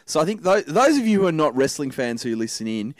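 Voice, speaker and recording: A man's voice: fairly high pitch, big pitch swings, quick pace, dry recording. A man with an Australian accent hosting a podcast, telling jokes and stories and laughing often. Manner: jokey storyteller, laughs often. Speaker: podcast host. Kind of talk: casual chat and storytelling.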